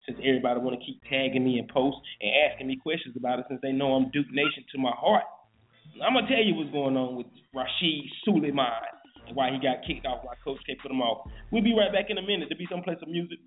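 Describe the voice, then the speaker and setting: A man's voice: mid-range voice, fast. A man hosting a casual morning talk show, joking loosely in slang. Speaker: radio show host. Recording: tinny phone-like lo-fi audio.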